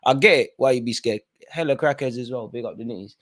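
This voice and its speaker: A man hosting a live football watch-along, chatting in slang about the match and breaking into loud shouts when a chance or goal comes. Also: mid-range voice, fairly quick. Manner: London slang, bursts into shouting at chances and goals.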